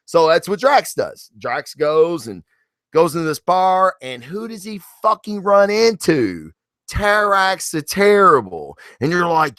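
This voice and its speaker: A married man reviewing comic books in a casual, profane monologue, acting out characters in quick asides. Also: high-pitched, no room sound, studio quality. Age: adult, married. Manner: animated, swears freely, acts out characters in quick asides.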